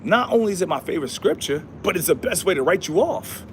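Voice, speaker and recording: A man's voice: high-pitched, big pitch swings, moderate pace, a little hiss or hum. A man hosting a casual livestream, talking in a preachy, repetitive way with slangy speech and Bible verses. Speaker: livestream host.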